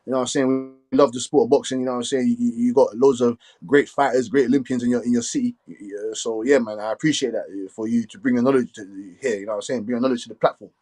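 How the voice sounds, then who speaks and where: A man hosting a casual live stream, talking quickly and filling his speech with "you get me". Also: mid-range voice, fairly even intonation, a little mellow. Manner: fast, repetitive filler "you get me".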